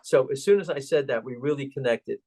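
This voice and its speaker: A man's voice: mid-range voice, a little mellow, a little hiss or hum. Older man telling anecdotes with fillers. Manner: anecdotal, chuckling, halting with fillers. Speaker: guest, organization president. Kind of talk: storytelling interview.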